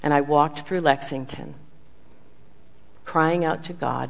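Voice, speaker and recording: Earnest devotional speaker, emphatic then hushed, mid-pitched, muffled lo-fi recording with a long hall tail. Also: slow pace, creaky, long pauses. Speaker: speaker giving a devotional message. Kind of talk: sermon with personal testimony. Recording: dull lo-fi sound with long hall reverb.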